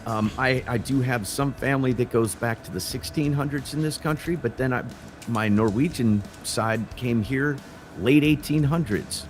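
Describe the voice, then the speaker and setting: A man's voice: mid-range voice, moderate pace, faint music behind. A man from Illinois, a guest on a livestream, telling stories in a plain-spoken, earnest way. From Illinois, USA. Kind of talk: casual chat.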